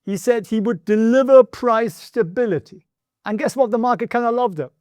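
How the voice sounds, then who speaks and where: Brisk, persuasive high-voiced man. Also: darkish tone, dry recording, clean studio sound. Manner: brisk, persuasive, talks straight to the viewer with asides. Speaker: finance educator and channel host. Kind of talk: direct-to-camera financial explainer.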